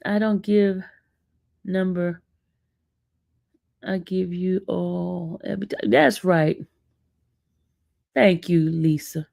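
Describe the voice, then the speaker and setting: A woman's voice: lowish voice, slow pace, creaky, pauses often, a little mellow, no echo, studio quality. A woman with an East Coast American accent hosting a casual livestream, teasing and sassing her chat. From northern US. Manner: sassy, teasing, talks back to chat. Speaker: livestream host.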